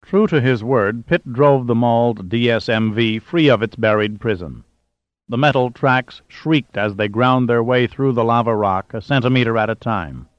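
A man narrating an audiobook in a measured, steady voice of middling pitch. The recording is dull and lo-fi, with a dry, close sound. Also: no room sound. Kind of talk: scripted narration.

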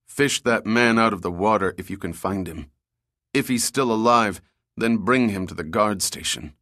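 A man reading an audiobook voices a stern male security guard who speaks in a flat, merciless monotone. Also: lowish voice, moderate pace, no echo, studio quality.

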